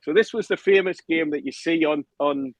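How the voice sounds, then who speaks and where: A man telling a lively anecdote on a podcast, acting out the other people's lines. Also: fairly high pitch, normal speed, no echo, poor audio. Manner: animated storyteller, acts out quotes, laughs often. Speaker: podcast guest telling a story. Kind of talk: casual anecdote.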